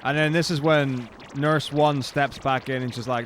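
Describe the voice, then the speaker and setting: A man's voice: medium pitch, fairly even intonation, normal speed, fairly bright tone, slight background noise. A man streaming a speedrun, telling a long casual story in a rambling way and acting out what people said. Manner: rambling, with frequent restarts and acted-out quotes.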